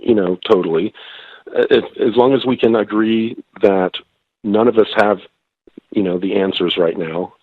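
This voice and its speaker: A slightly hoarse man calling in by phone as a guest, talking hesitantly with many fillers and restarts. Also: on the low side, steady tone, normal speed, dry recording. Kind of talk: phone-in interview. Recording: tinny phone line.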